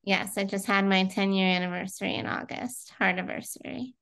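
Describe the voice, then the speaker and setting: A woman's voice: mid-range voice, level tone, fairly quick, fairly bright tone. A woman in her thirties, a guest in a casual interview, telling her own story in a chatty way with frequent fillers.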